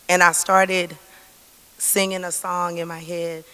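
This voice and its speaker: A woman's voice: lowish voice, little pitch movement, unhurried, sharp tone, smooth. A woman gives an earnest church testimony, acting out the dialogue she quotes. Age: 40s. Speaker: cancer survivor giving testimony. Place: church sanctuary. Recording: long reverb of a church hall.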